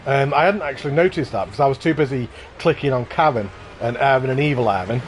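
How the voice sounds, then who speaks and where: A man's voice: medium pitch, fast talker, a little hiss or hum. Enthusiastic man hosting a live park tour. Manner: enthusiastic, effusive praise. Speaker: livestream host touring contest parks. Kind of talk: casual live commentary.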